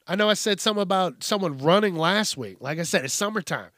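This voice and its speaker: A man's voice: sits high, animated, brisk, fairly bright tone, no room sound, clean studio sound. A man hosting a podcast, ranting casually with heavy profanity and exasperation. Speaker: podcast host. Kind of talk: casual solo rant.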